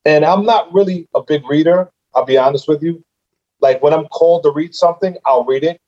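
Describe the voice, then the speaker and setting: A man's voice: fairly high pitch, a little fast, mellow, lo-fi sound. A man who is a guest on a podcast, telling his story casually and animatedly, acting out his own reactions.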